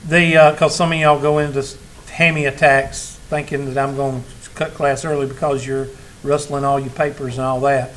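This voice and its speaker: A man's voice: medium pitch, a little hiss or hum, low-quality recording. A man, a college instructor talking casually and teasing his class in a classroom. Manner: folksy, teasing storyteller.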